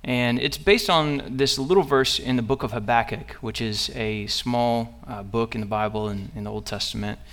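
A man's voice: mid-range voice, a bit bright. A young man giving a sermon as a visiting preacher. He speaks earnestly and personally, stumbling through fillers and restarts as he goes. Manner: halting, many fillers and restarts. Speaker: guest preacher.

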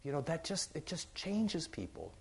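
A man's voice: on the high side, very animated, moderate pace, creaky, breathy edge. A man preaching to his congregation in a loose, conversational way, often repeating phrases for emphasis. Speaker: pastor. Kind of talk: sermon.

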